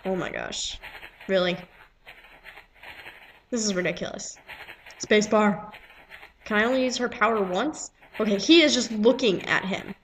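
A woman's voice: mid-range voice, a little slow, long pauses, fairly bright tone, a little hiss or hum, poor audio. A woman commenting casually on a game she is playing, exasperated and chattering, chanting along with the action. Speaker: gaming video host. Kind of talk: casual let's-play commentary. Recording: game music playing behind.

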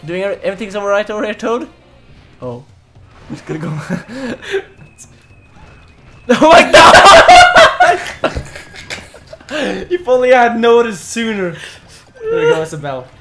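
A young man casually commentating a co-op platform game, excitable, cursing often and bursting into loud laughter. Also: sits high, fairly quick, over loud music. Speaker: gaming video host. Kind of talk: casual let's-play commentary.

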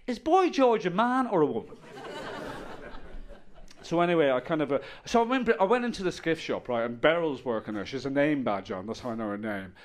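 A middle-aged man doing a stand-up set on stage, telling stories deadpan with bursts of loud exasperation. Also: mid-range voice, slight background noise. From Ireland. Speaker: stand-up comedian. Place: comedy stage with audience.

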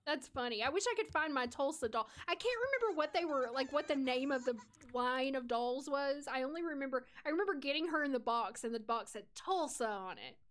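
A woman's voice: high-pitched, expressive, normal speed, a bit bright. A woman from the United States streaming a life-sim game, chatting casually with viewers and talking to the characters.

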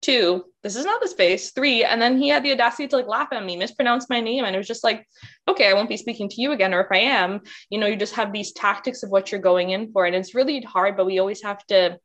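A woman's voice: mid-range voice, fast talker, few pauses, highs cut off. A woman speaking as a panelist in a candid discussion, passionate and outspoken. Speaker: workshop panelist.

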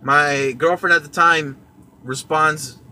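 A man's voice: a little high, fairly even intonation, slow pace, bright, forceful tone, a little hiss or hum. A young man hosting his own vlog, telling a personal story casually and rambling with lots of fillers. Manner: rambling, with many fillers and restarts. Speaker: podcast host and vlogger.

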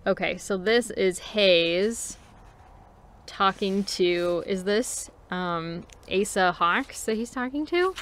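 A woman's voice: medium pitch, slow, fairly bright tone. A woman giving a casual book review, chatty and musing, with frequent fillers and laughs between thoughts.

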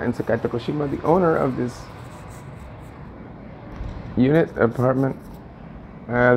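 A man's voice: mid-range voice, creaky, lo-fi sound, a little hiss or hum. A man venting in a personal vlog from his apartment, aggrieved and repetitive, often swearing. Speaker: tenant vlogger. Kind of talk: agitated personal vlog rant.

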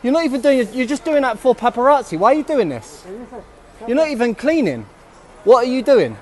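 A man's voice: very high voice, sing-song, a little fast, darkish tone. A British man confronting people on the street, firing the same questions again and again. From United Kingdom. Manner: confrontational, repeats his questions. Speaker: passer-by filming.

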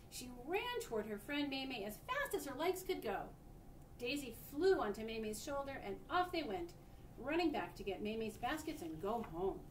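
Lively woman reader for a children's storybook; expressive, slightly distant and roomy, faint rumble. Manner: expressive, pauses to show pictures. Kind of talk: reading a picture book aloud to children. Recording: echoey room, distant mic, faint rumble.

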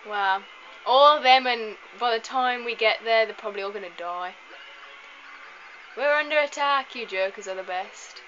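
A woman's voice: fairly high pitch, normal speed, pushed and bright, soft background music. Tired, chatty young woman. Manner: chatty and self-mocking, stumbles over hard words. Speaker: let's play host. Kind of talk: casual gameplay commentary. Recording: slightly dull lo-fi recording.

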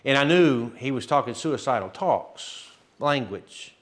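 A man's voice: mid-range voice, lively intonation, measured pace. A man pastor telling a testimony in a sermon, acting out dialogue and laughing often. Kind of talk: sermon storytelling.

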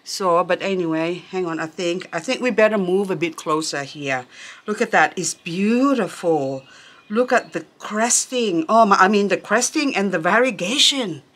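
A woman hosting a plant unboxing vlog outdoors in the sun, excitable and gushing with frequent exclamations. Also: fairly low pitch, normal speed. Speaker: plant vlogger. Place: outdoors in sunlight.

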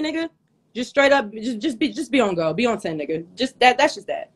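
A woman's voice: fairly high pitch, animated, brisk. A woman hosting a live stream, ranting angrily and profanely at a rival, hot and sweating as she talks into her phone. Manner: angry, profane, confrontational. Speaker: livestream host. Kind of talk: heated livestream rant.

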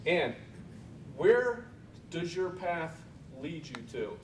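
A defense attorney cross-examines a witness in court, leading him with short questions and frequently checking for agreement. His voice is very animated and his pace slow. The audio comes from far off in an echoey room with a faint rumble.

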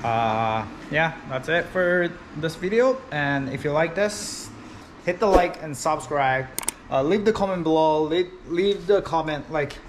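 A man's voice: on the high side, measured pace, a little hiss or hum, rough recording. A man who wraps cars, narrating his shop work casually with many fillers and restarts. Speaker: vinyl wrap installer. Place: workshop.

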